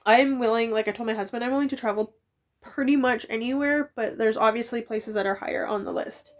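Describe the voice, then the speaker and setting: A woman in her thirties chatting casually as a book vlogger, rambling with quick asides. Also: on the high side. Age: 30s. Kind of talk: casual chat.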